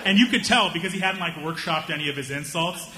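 A young man doing stand-up storytelling, animated and acting out the people in his story with raised voices. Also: a little high, quick pace, very noisy. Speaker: stand-up comedian.

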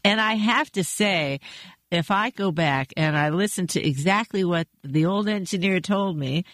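A woman's voice: lowish voice, unhurried, a bit bright, no room sound. A woman hosting an interview, chatty and self-deprecating, laughing easily. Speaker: interview host. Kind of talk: conversational interview.

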